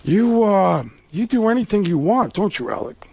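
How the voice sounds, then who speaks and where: A man's voice: high voice, animated, creaky, a little mellow, pitched above the performer's own voice, heavily acted. Brief: male impressionist as a bitter, growling veteran movie star. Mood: menacing sarcasm. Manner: growling, sarcastic, drawn-out. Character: weary, menacing older male movie star.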